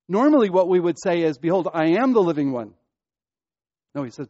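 Pastor, male, higher voice, emphatic repetitive sermon delivery, dry and muffled. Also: sing-song, a little fast, long pauses, dark tone, no echo. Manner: preaching with rising emphasis and repetition.

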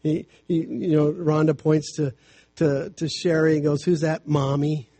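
A man's voice: fairly high pitch, level tone, warm tone. A middle-aged man preaching a sermon as a family counselor, mixing scripture with homely stories in a conversational way. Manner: conversational, storytelling preaching with quick asides.

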